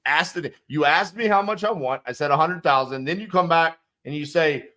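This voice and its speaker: A man's voice: fairly high pitch, moderate pace, hardly any pauses, pushed and bright. Blunt, profane man coaching sales. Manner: acts out both sides of phone calls. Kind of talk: instructional commentary on a sales script.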